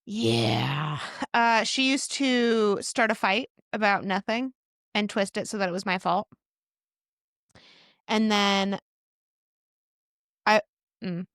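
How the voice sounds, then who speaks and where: A woman's voice: medium pitch, expressive, takes it slowly, long pauses, fairly bright tone, dry recording. Woman co-host with blunt, wry asides, dry close mic. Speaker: podcast co-host. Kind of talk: casual podcast chat.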